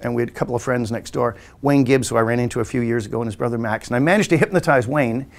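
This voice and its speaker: In a gravelly, mid-range voice that races along, this podcast host recalls his childhood in rambling, casual stories. He's an English hypnotist in his sixties and acts out the voices of his relatives.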